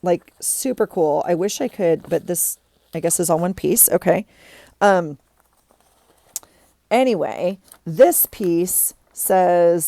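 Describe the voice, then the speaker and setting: A woman's voice: fairly low pitch, expressive, slow pace, warm tone, dry recording. A woman vlogger chatting casually while she tidies her desk, rambling with many ums and restarts.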